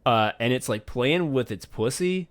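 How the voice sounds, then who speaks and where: Laughing, animated male podcast host. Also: mid-range voice, unhurried. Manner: animated, laughing storyteller, swears freely. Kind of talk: casual chat.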